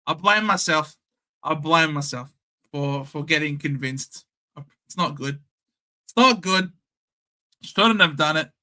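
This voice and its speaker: A man's voice: a little high, bright, forceful tone. A young Australian man hosting a casual live sports watchalong, bantering cheekily with chat and reading out scores. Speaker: livestream host.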